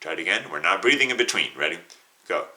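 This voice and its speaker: A man's voice: low-pitched, animated, fast, over loud music. A man teaching a beginner flute lesson, patiently coaching students, counting them in and singing note names and tonguing syllables.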